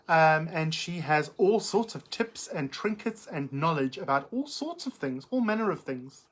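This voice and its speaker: Camp hostess doing a live chat, lowish voice, giggly and theatrical, reads out comments. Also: female voice, big pitch swings, moderate pace, few pauses, breathy edge. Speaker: livestream host. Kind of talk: casual live chat reading viewer comments.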